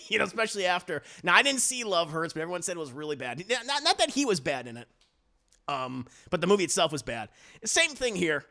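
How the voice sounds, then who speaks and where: A man giving a casual, profane movie review on a live stream, animated and slipping into mock voices for the characters. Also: high voice, fast talker. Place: home streaming setup. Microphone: desk mic on a live stream.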